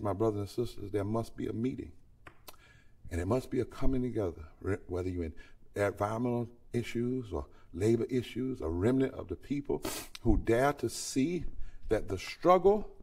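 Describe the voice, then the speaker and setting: In a large conference hall, a man with a mid-range, darkish voice preaches a sermon-style address, calling out to the crowd and rising to near-singing peaks. The mic picks him up from far away.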